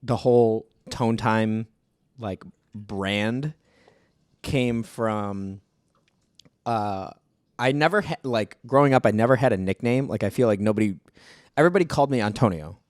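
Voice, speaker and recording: A man's voice: on the low side, a little slow, darkish tone, no echo, clean studio sound. A young man co-hosting a podcast, telling stories in casual chat and swearing freely. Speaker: podcast co-host.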